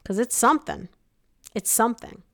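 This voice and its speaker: A woman's voice: fairly high pitch, animated, normal speed, gravelly. Chatty young woman giving a tarot reading. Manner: chatty, empathetic, filler-heavy with frequent "like" and "um". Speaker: tarot reader. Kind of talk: casual live tarot reading.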